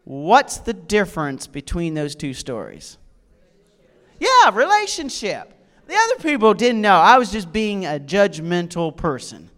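A man's voice: high voice, unhurried. A man preaching a sermon, telling jokey stories from his own life and acting out the dialogue. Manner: lively, jokey storyteller who acts out dialogue. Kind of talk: humorous storytelling sermon.

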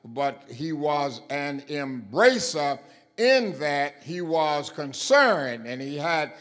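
A man preaching a sermon, halting with many fillers and repeating key phrases, rising to emphatic declarations. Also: fairly high pitch, very animated, fairly bright tone.

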